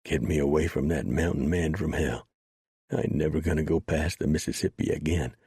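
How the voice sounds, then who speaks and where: A man's voice: a bass voice, a little fast, warm tone, breathy edge, no room sound, clean studio sound, full character voice. A man doing a panting frightened outlaw. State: out of breath.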